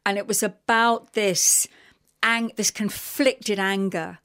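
A woman's voice: mid-range voice, steady tone, fairly bright tone, clean tone. Middle-aged woman from london, earnest, gets emotional, rambles in long runs as a guest. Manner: earnest, emotional, talks in rushing run-on sentences with many "like" and "you know". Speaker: guest, writer. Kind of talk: radio interview conversation.

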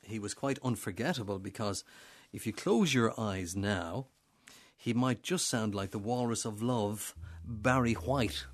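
A man's voice: on the low side, measured pace. A man hosting a radio show, jokey and teasing with his guest. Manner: jokey, teasing, laughs easily. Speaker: radio host. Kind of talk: casual radio interview.

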